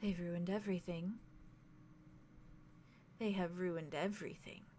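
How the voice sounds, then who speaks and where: A woman voicing a soft-spoken, angry female elder in a tabletop game, talking very softly. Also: fairly low pitch, fairly even intonation, measured pace, slight background noise, natural voice. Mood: quietly bitter. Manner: speaks very softly.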